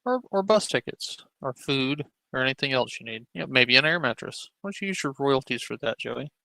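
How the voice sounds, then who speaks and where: Bright, sarcastic male host. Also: mid-range voice, lively intonation, a little fast, gravelly, no room sound. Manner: mocking, sarcastic. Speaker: show host reacting to a clip. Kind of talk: casual chat.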